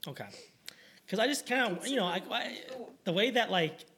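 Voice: medium pitch, expressive, normal speed, bright, forceful tone. A podcast co-host chatting casually during a watch-along, joking and rambling with lots of fillers.

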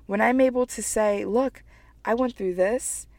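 A woman's voice: on the high side, measured pace, darkish tone, no room sound. A woman giving a heartfelt motivational monologue as a writer, earnest and emphatic, repeating phrases as she gets emotional and teary. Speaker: writer sharing personal reflections.

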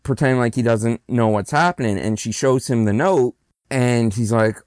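A man's voice: mid-range voice, normal speed, a little mellow, clear, resonant tone, no room sound, clean studio sound. A man co-hosting a podcast, casually retelling a movie plot with frequent restarts and laughs. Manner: rambling, restarts, laughs often. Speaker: podcast co-host. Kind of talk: casual movie recap chat.

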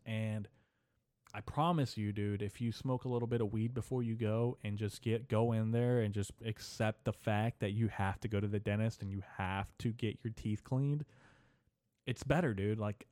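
A man's voice: on the low side, darkish tone, no room sound, studio quality. A young man hosting a casual solo podcast, telling a rambling, profane story in a laid-back way. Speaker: podcast host. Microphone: camera mic.

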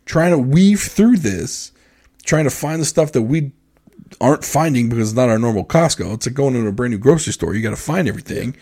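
A man on a podcast telling a rambling, animated story in casual chat. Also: medium pitch, a little fast, slightly rough. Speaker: podcast co-host.

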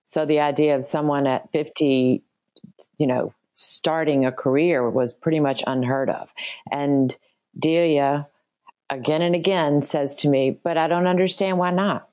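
A woman's voice: low voice, steady tone, a little slow, a little mellow. A woman in her fifties from the American South, talking earnestly and encouragingly as a guest in a casual interview. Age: 50s. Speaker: guest, style business founder.

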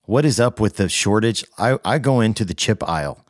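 A man's voice: fairly low pitch, lively intonation, a little fast, no room sound, clean studio sound. A man co-hosting a podcast in laid-back, playful banter. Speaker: podcast co-host. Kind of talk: casual podcast chat.

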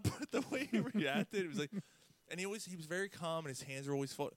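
A man telling prank stories in casual chat, animated, with loud mimicked outbursts. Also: a little high, fast, no room sound. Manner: animated storyteller, loud mimicked outbursts, laughs mid-story.

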